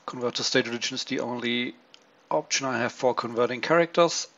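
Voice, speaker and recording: Gravelly man musing over a strategy game. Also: a little fast, fairly bright tone. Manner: thinking aloud, many ums, low-key. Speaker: strategy game player commenting his turn. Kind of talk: casual gameplay commentary. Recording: dull lo-fi mic with faint hiss.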